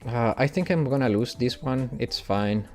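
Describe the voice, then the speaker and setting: A man's voice: medium pitch, moderate pace, darkish tone, soft background music. A man from Italy, whose first language is Italian, speaks with an Italian accent and chats casually with viewers while streaming a game, often laughing. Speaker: gaming streamer. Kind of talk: casual live-stream chat.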